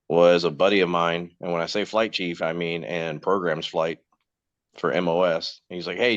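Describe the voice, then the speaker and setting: A man in his forties with a very low, deep voice rambles through anecdotes in casual podcast chat, slipping into other people's voices as he quotes them. The recording is dull and lo-fi, with a dry, close sound and no room echo. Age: 40s. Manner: rambling anecdotes acting out quoted dialogue, laughs often. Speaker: podcast guest host.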